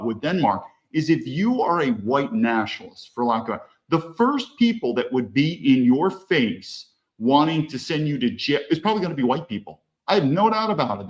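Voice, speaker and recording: Lively-voiced man hosting a commentary podcast. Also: mid-range voice, muffled recording. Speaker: podcast host. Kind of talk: commentary on a played clip.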